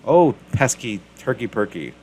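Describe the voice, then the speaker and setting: A man's voice: mid-range voice, big pitch swings, unhurried, a little mellow, slight background noise, pitched above the performer's own voice. A man voicing a tiny, alarmist hen in a storybook reading, crying out in a raised voice. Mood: alarmed. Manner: breathless, repetitive crying out.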